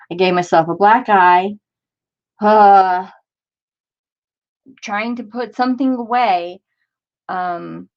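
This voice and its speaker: The recording is muffled as a woman in her forties, speaking with a fairly low pitch, chats casually and ramblingly on her crafting livestream, greeting viewers by name while reading their comments.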